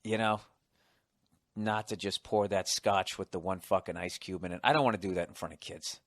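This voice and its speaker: A man, hosting a solo comedy podcast, rambling and swearing, mocking himself and now and then rising to loud excited outbursts. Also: deep voice, normal speed, no room sound, studio quality. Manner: profane, rambling, self-mocking. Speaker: podcast host.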